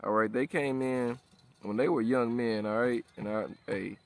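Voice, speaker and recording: Slangy preacher man, mid-pitched. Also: steady tone, normal speed. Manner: slangy, profane, repeats "all right?" and "you know what I'm saying?". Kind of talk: casual street-style sermon.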